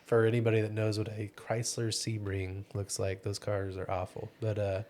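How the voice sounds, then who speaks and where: A young man co-hosting a podcast, telling relaxed, joking anecdotes in casual chat. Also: on the low side, normal speed. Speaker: podcast co-host.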